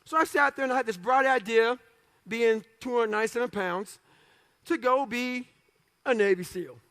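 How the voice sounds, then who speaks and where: A man giving a live motivational speech, telling his life story bluntly and with profanity, acting out the dialogue and breaking into shouts and laughing asides. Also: extremely high pitch, moderate pace. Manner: lively storyteller who acts out dialogue. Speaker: motivational speaker.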